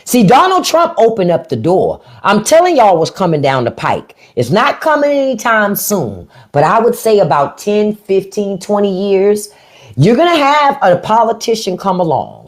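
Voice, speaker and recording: Middle-aged woman, livestream host; blunt, taunting delivery with a lively, animated pitch. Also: normal speed. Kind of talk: casual livestream talk.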